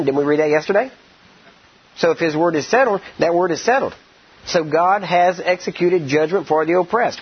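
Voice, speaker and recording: A man preaching a sermon, rambling with many "I mean" and "you know", acting out quoted speech and slowing down to stress scripture. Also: a little high, husky. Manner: slows down and stresses words when teaching scripture. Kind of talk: sermon with storytelling. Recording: dull lo-fi recording.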